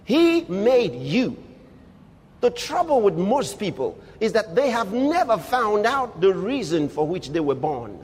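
A man preaching a sermon, emphatic, with big swings in loudness and a husky voice. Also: sits high, big pitch swings, a little slow. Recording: long hall reverb.

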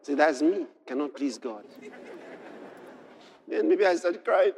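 High-voiced guy preaching, swings from soft storytelling to shouting. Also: expressive, takes it slowly, long pauses, noisy background. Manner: builds from quiet storytelling to shouted exclamations. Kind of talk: sermon.

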